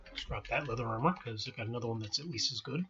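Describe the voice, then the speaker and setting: A man's voice: medium pitch, fast, lo-fi sound, background noise. A man hosting a daily game playthrough, chatting casually and thinking aloud as he plays. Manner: relaxed, thinking aloud with fillers. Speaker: let's-play host. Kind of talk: casual gameplay commentary.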